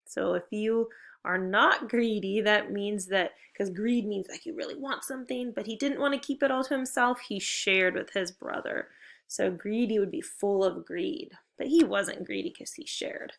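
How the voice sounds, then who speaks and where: A woman teaching children in a recorded video lesson, giving encouraging, clearly paced instructions and drawing out key words slowly. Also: medium pitch, steady tone, fairly bright tone. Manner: stretches out target words slowly.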